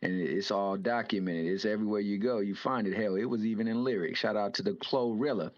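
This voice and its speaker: A man's voice: fairly low pitch, fast, muffled recording. A man on a casual talk panel, making slangy, joking comments. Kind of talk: casual chat.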